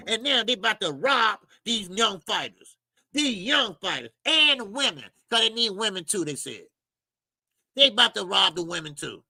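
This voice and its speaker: A high, gravelly man rants on a boxing livestream, heated and profane. His tense, cutting voice repeats itself for emphasis, and the close mic sounds dry. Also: very animated, moderate pace, bright, forceful tone, no echo, low-quality recording. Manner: heated, profane, repetitive ranting. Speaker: boxing show host. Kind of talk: ranting livestream commentary.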